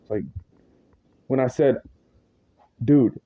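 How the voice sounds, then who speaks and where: A man's voice: mid-range voice, normal speed. A man ranting agitatedly in a rambling, profane monologue full of slang, his words tumbling into restarts. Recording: dull lo-fi audio.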